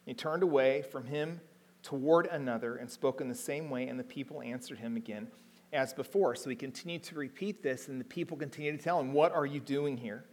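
A man preaching a sermon, reading scripture aloud and retelling it in plain everyday words, slowing down and lifting his voice to stress key words. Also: medium pitch. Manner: retells the story in everyday paraphrase between readings.

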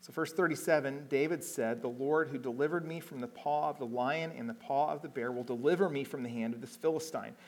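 A male preacher delivering a sermon, moving between read scripture and loose everyday retelling. His voice sits at an ordinary middle pitch, and he slows down and rises in volume to press home key words. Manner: retells the story in everyday paraphrase between readings.

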